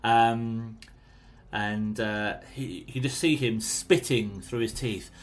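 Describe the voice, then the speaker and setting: A man, narrating a tabletop game as game master in an unhurried, descriptive and encouraging way. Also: fairly low pitch, steady tone.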